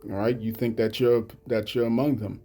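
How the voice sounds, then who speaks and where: A man giving a religious commentary, speaking haltingly and often repeating "you know what I'm saying" between points. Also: lowish voice, level tone, dark tone, soft background music. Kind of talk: scripture commentary vlog.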